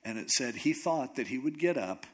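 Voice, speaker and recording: A man preaching a sermon, retelling a story in a lively, joking way with asides. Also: mid-range voice, normal speed.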